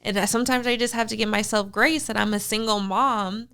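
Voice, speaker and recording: A woman co-hosting a podcast, telling stories about her young child in an animated, casual way. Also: on the high side, a little fast, clean tone. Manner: animated storytelling. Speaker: podcast co-host.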